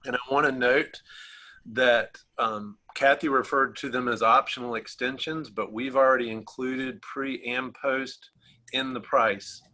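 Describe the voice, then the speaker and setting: A man hosts a relaxed online travel talk over a video call. His voice is bright and ringing, and he talks in a friendly, easygoing way with small fillers and light laughs. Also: medium pitch, unhurried, low-quality recording. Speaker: travel agency host. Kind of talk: casual virtual presentation.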